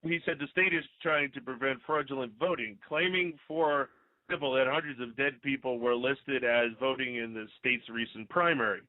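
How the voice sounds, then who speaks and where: A man runs his own talk radio show, delivering sarcastic, ranting commentary that stumbles and restarts as his thoughts race ahead. His voice sits in an ordinary middle pitch. The audio is dry and squeezed into a thin, phone-like band. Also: moderate pace, no room sound. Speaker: internet radio host. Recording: dry, tinny phone-like sound.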